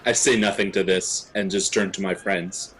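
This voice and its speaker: Tabletop player, male, low-pitched, hesitant and polite. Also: steady tone, moderate pace, a bit bright, a little hiss or hum. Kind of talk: playing a tabletop game.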